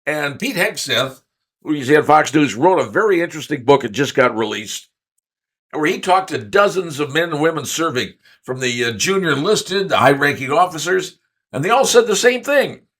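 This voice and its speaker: A man in his seventies hosts an opinion talk show, his voice sitting a little high for a man and swinging widely in pitch. He talks in a folksy, emphatic way and hammers his points home straight to the listener. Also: lively intonation, normal speed, fairly bright tone. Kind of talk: opinionated political commentary.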